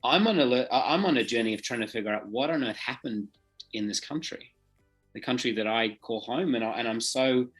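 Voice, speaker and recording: A man from England, the host of an interview podcast, speaks in a mid-range voice. He is halting and moved, often searching for words, while soft music plays faintly behind him. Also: medium pitch, breathy edge.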